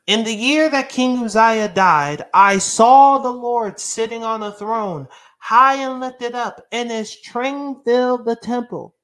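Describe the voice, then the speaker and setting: Slow, bright-voiced male preacher. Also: extremely high pitch. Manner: emphatic, reads scripture aloud and explains it; casual colloquial asides to the congregation. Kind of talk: sermon with scripture reading.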